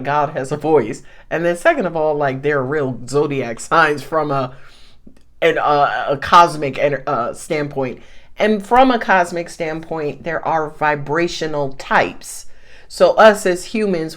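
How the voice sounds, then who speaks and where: A woman giving a casual, animated tarot reading, laughing often and swearing freely as she talks. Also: deep voice, unhurried. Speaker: tarot reader.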